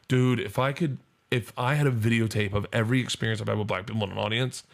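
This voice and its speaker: A man's voice: fairly low pitch, fast, creaky. A man in his forties telling stand-up stories in a casual podcast chat, swearing freely and acting out the people in them. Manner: animated, profane, acts out voices in his stories. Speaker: stand-up comedian guest.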